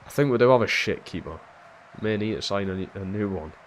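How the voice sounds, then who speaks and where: Low-voiced man muttering over gameplay. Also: fairly quick. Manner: swears freely and swings from low muttering to shouting at big moments. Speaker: streamer playing a football video game. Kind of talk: live gameplay commentary.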